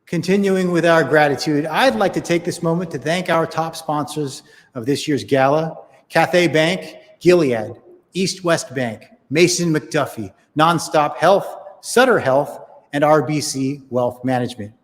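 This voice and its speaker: Man, gala host, polite scripted announcing, fairly high voice, long hall echo. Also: unhurried. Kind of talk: scripted event hosting.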